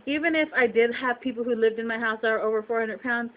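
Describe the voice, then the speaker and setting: Young woman vlogger, higher voice, indignant venting, dull webcam sound with faint hiss. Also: fast. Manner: indignant, emphatic storytelling. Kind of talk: venting to camera.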